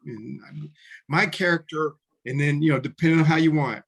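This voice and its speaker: A man's voice: a little high, a little fast, gravelly, fairly bright tone, slightly rough. A man in casual chat explaining tabletop game rules, often restarting sentences and briefly acting out character lines. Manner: talks in restarts, acts out short character lines. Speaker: podcast co-host explaining tabletop games.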